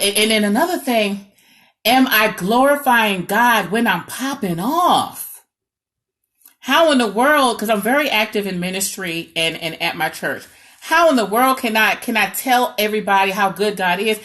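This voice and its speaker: A woman with a New York accent gives marriage advice straight to the camera. She talks in an animated, dramatic way with a sarcastic edge. She keeps pausing to ask her listeners "okay?". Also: medium pitch. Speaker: marriage coach. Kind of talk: direct-to-camera advice talk.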